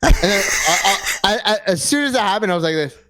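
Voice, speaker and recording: A man with a somewhat high voice swings his pitch all over as he rambles through a crude story. He keeps restarting sentences, leans on filler words and swears constantly, like a loose podcast co-host. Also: lively intonation, fast, bright, forceful tone, dry recording. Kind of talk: casual chat.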